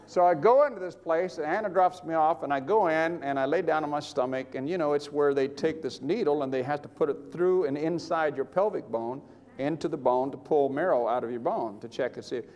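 An older man preaching, telling a personal story with animated, chuckling delivery and acting out the voices of others in his account. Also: on the high side, fairly quick, long reverb tail. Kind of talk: sermon testimony.

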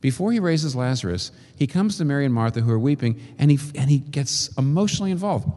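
A man preaching a sermon, working through rhetorical questions and slow, emphatic repetitions. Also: mid-range voice, lively intonation, warm tone. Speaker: pastor. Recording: long reverb of a large hall.

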